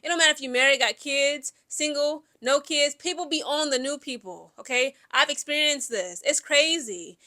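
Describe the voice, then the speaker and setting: A young adult woman talks through her opinions, animated and opinionated, with plenty of filler words. Her voice sits high and sounds bright and forceful, with a lively, chatty delivery. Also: moderate pace, hardly any pauses. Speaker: commentary vlogger. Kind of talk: casual opinion commentary.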